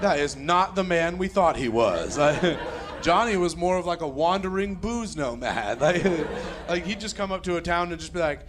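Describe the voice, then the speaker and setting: A man doing stand-up comedy with a quick, giggly delivery. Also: fairly high pitch, animated, crowd noise.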